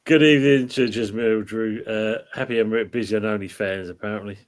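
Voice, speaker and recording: A man hosts a casual live show, his low voice easygoing as he reads out viewers' comments. He talks in a relaxed, matter-of-fact way. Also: brisk. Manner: relaxed, chuckling, reads chat comments aloud. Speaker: show host reading live chat. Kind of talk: casual livestream chat.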